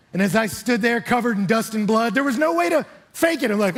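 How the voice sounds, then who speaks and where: A male pastor preaching a sermon, telling a personal story with animated storytelling and acting out the scenes. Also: sits high, fast, hardly any pauses.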